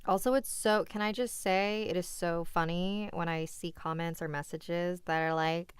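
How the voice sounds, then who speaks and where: A woman's voice: fairly low pitch, steady tone, normal speed, clear, resonant tone, no room sound. Chatty woman reading scary stories live. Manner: chatty, candid asides to the chat between stories. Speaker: host and story reader.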